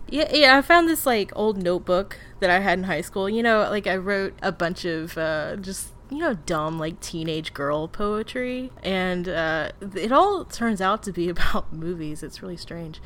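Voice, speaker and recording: A woman's voice: on the low side, animated, measured pace, hardly any pauses, fairly bright tone, slight background noise. A woman co-hosting a podcast in casual chat, giggly and rambling. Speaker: podcast co-host.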